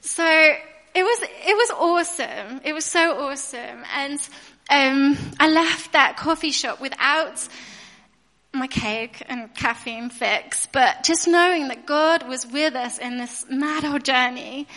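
Woman, British accent, bright voice, chatty storytelling sermon, long church-hall reverb. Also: high voice, slow pace. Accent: British English. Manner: chatty storytelling, acting out her own asides. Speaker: guest preacher. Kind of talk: narrative-style sermon.

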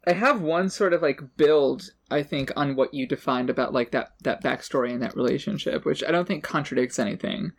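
A man's voice: a little high, a little fast, creaky, hardly any pauses. A man co-hosting a tabletop podcast, talking through a character backstory in a thoughtful, hedging way full of fillers. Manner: thoughtful, hedging, heavy use of "like". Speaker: podcast co-host and player. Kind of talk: casual tabletop character-building chat.

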